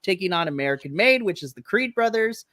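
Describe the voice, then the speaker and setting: A woman co-hosting a live wrestling podcast, chatting casually, laughing often and acting out quotes in a flat deadpan voice. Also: mid-range voice, brisk, no room sound, studio quality. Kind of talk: casual chat recapping wrestling. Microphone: streaming microphone, remote setup.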